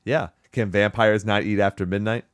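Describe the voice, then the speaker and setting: A man hosting a casual movie-review chat, sarcastic and profane, talking in an animated way. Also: lowish voice, moderate pace, dry recording. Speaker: podcast host.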